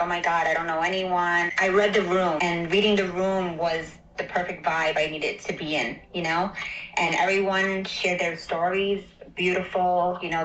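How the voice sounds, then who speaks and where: A woman's voice: lowish voice, a bit bright. A woman on a group video call, sharing a reflection in a chatty, thoughtful way. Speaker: guest. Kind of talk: casual reflection. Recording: roomy distant call audio, faint hiss.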